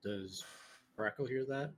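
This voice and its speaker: A man playing a tabletop game, describing his character's actions in a wry, deadpan way. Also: medium pitch, unhurried. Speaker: player. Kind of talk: tabletop game role-play.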